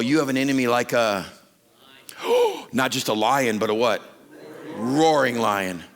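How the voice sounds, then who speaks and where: A man preaching a sermon to a men's retreat, telling stories with lively acted-out voices. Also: deep voice. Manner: animated storytelling preacher, acts out voices. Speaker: pastor.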